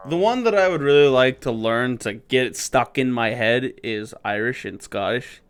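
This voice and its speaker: A man's voice: mid-range voice, expressive, moderate pace, smooth. A man player chatting casually during a tabletop game, rambling, swearing and restarting his sentences. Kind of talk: casual chat among players.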